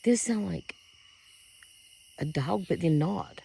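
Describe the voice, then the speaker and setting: A vlogger in a rural yard at night, puzzled and talking in hushed bursts into a handheld phone. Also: medium pitch, expressive, slow pace, vocal fry, a little hiss or hum, poor audio. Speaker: vlogger investigating sounds. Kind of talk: casual outdoor vlog. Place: outdoors at night in a rural yard by a wooded ridge.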